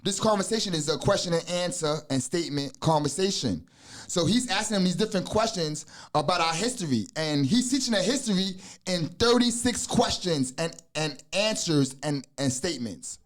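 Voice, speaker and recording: An American man in his forties hosts a casual podcast in a loose, profane style packed with asides and restarts. His voice sits high and is expressive, at a moderate pace.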